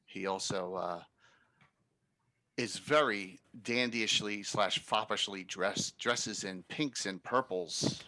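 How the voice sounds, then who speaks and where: A man's voice: fairly low pitch, slow, pushed and bright. A man narrating his character in a tabletop game, casual and laughing. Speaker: player. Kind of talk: tabletop role-play narration.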